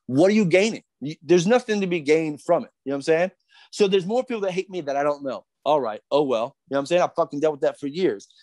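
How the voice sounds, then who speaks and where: A man's voice: fairly high pitch, darkish tone, no room sound. A middle-aged man from Philadelphia, a podcast guest ranting in a profane, agitated, rambling way with many restarts. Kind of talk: heated podcast rant.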